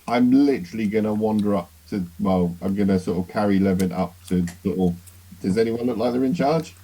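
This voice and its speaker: Mellow, husky man playing a tabletop game. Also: fairly low pitch, fairly quick, rough recording. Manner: hesitant, lots of ums and sort ofs. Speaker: player. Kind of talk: casual tabletop play.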